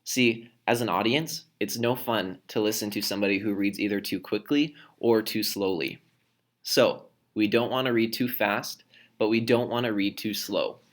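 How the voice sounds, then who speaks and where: A man's voice: fairly low pitch, moderate pace. A man teacher explaining how to read poetry aloud in a recorded lesson, demonstrating points with his own voice.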